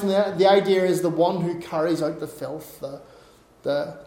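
A man's voice: fairly high pitch, normal speed, dark tone, roomy sound. A man preaching a sermon in an earnest way, often repeating and restarting his words.

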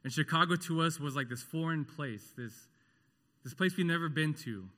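A man preaching a sermon with impassioned delivery, rising to loud rhetorical questions and dropping to a hushed, tender tone. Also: a little high, normal speed, big-room sound. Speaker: pastor.

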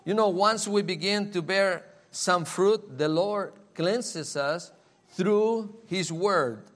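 A man preaching a sermon in a slow, earnest way, often repeating key phrases. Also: high-pitched, fairly bright tone.

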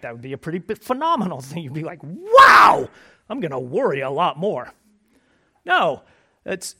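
A male pastor delivers an animated, conversational sermon, mixing jokes with soft, hushed phrases. His high voice ranges widely and expressively.

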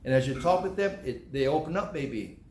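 A male pastor delivering a sermon, conversational but breaking into loud emphatic bursts. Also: a little high, expressive, a little fast. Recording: echoey room.

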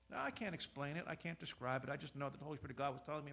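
Bright-voiced preacher telling a story. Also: male voice, on the high side, expressive, rapid-fire, vocal fry, breathy edge. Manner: storytelling with asides and humor, repeats words; swings from loud preaching to soft confiding. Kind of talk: sermon.

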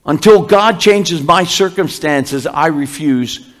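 A man preaching a sermon, reading scripture aloud and explaining it with slow, emphatic rises. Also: on the high side, a bit bright. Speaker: pastor.

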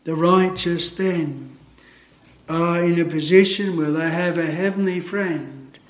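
Slow high-voiced preaching man, echoey chapel. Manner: slow, earnest preaching with solemn quoting of scripture. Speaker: pastor. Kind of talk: sermon.

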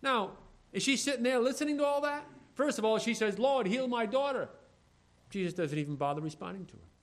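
A man's voice: sits high, fast talker, fairly bright tone. A male pastor preaching a sermon, reading scripture and then acting out the disciples' complaints in everyday speech. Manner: reads scripture in old-fashioned phrasing.

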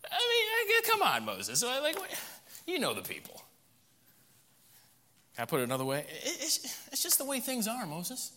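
A man preaching who voices a biblical man making defensive, whiny excuses to his brother, pitched up high. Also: huge pitch swings, moderate pace, long pauses, bright, forceful tone, full character voice. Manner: whiny, defensive, brushing off blame.

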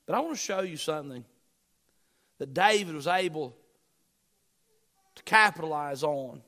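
Male pastor, high-pitched voice, dramatic sermon delivery with big swings from loud to hushed. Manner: preaching with swings in volume and pitch, slowing for emphasis.

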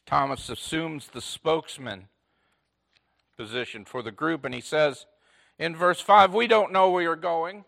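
A man delivers a sermon, speaking slowly with a bright, forceful edge and a voice sitting a little high. He builds with short repeated phrases, then drops almost to a hush before surging again. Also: vocal fry. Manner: swings between loud emphatic lines and hushed near-whispers. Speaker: pastor.

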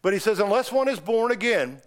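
A man with a notably high voice leads a Bible study, walking his class through scripture one verse at a time. He talks in a relaxed, conversational way and keeps throwing questions back at the group. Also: fairly quick. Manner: conversational, asks many rhetorical questions; reads and explains scripture verse by verse.

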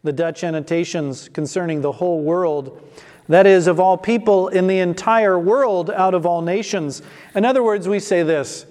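High-voiced man preaching in a reverberant hall. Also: normal speed, a little mellow. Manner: emphatic, rhetorical questions. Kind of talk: expository scripture teaching.

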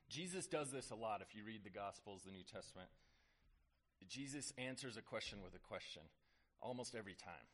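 A man's voice: lowish voice, expressive, a little fast, a bit bright. A man preaching a sermon in a conversational way, explaining scripture with occasional fillers and rising emphasis. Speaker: pastor.

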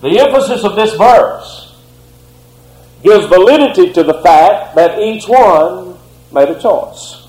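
A man delivers a sermon with impassioned swings in pitch and loudness. His voice sits fairly high for a man. An echoey room rings around his words. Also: lively intonation, slow pace. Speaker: preacher.

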